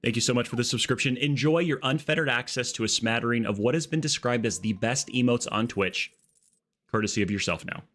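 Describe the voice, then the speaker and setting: Excitable male game streamer. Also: medium pitch, fairly quick. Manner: excitable, jokey, talks to chat. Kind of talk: casual live-stream commentary.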